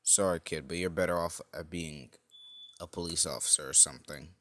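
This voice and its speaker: A man's voice: low-pitched, fairly even intonation, a little fast, a bit bright. A man voicing a blunt adult male superhero in a dismissive way.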